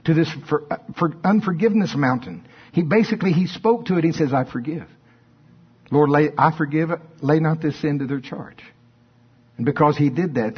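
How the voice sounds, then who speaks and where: A man preaching a sermon, swinging between high emphatic bursts and low, quiet asides. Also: breathy edge. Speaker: pastor. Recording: dull lo-fi sermon recording.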